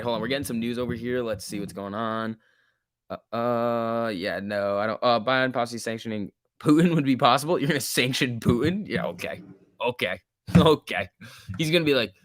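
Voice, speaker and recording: A man's voice: on the low side, a bit bright, no room sound, studio quality. A man casually commenting on a livestream and reading out chat, laid-back and chatty, laughing often. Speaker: stock market livestream host.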